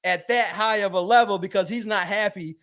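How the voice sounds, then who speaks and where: A man guesting on a sports podcast, telling a story in a casual, high-energy way. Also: a little fast, fairly bright tone.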